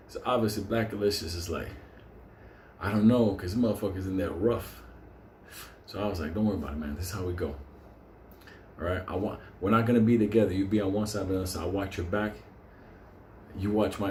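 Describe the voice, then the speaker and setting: A man's voice: fairly low pitch, darkish tone, a little hiss or hum. A man, hosting a livestream and telling a story in casual, profane talk, laughing often as he goes. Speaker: stock livestream host. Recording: roomy echo.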